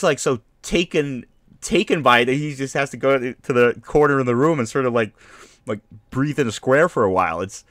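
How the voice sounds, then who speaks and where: A man's voice: mid-range voice, fairly bright tone, no echo. A man streaming a video game, giving casual commentary with rambling, joking asides.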